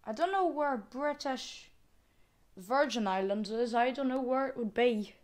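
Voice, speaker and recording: A woman with a slightly high voice talks straight to her viewers in a casual vlog. She is chatty and exclaims often, thinking out loud in a relaxed, homely way. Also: measured pace. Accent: non-American, with regional word "wee". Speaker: vlogger. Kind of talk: casual unboxing chat to viewers.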